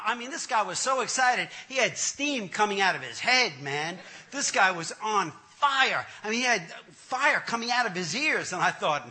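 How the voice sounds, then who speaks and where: A man's voice: high-pitched, moderate pace. A man, an entertainer, telling his testimony as a comic story, laughing as he goes. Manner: animated, laughing through the story.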